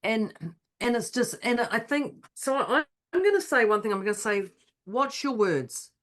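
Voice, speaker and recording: A woman co-hosting a motivational podcast, talking in a chatty, animated way and acting out the voices she quotes. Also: on the high side, normal speed. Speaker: podcast co-host. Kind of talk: casual motivational chat.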